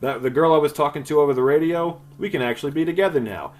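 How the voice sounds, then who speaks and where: A man's voice: a little high, fast talker, darkish tone, natural voice. Man playing a cocky young pilot, brash, crude swearing, offhand delivery, podcast film retelling.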